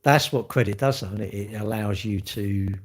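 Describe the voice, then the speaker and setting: A man's voice: lowish voice, moderate pace. A man hosting a live stream, chatting and joking with viewers in cheeky banter that jumps from topic to topic.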